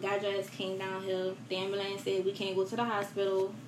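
A young woman as a guest, telling a personal loss in a soft, halting way with many fillers and repetitions, in a roomy, noisy recording. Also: mid-range voice. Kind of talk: emotional personal story in a podcast chat. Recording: roomy echo with steady background noise.

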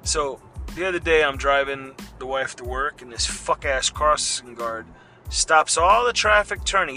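A man's voice: a little high, bright, forceful tone. A middle-aged man hosting a podcast, delivering a heated, profanity-laden rant. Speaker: podcast host. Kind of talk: ranting monologue.

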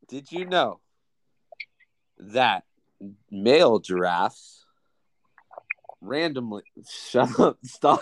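A man's voice: medium pitch, sing-song, very slow, pauses often. A young man hosting a podcast in casual chat, joking and teasing with plenty of swearing. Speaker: podcast host.

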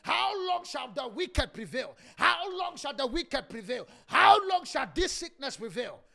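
A man leading a fervent prayer sermon, shouting and chanting, breaking into bursts of speaking in tongues. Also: very high voice, sing-song, measured pace, creaky. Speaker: pastor.

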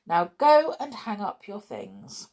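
Woman playing a stern vexed mother, firm and scolding, husky voice, animated, storybook. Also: mid-range voice, slow, pitched above the performer's own voice, heavily acted. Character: strict, vexed mother of a young girl.

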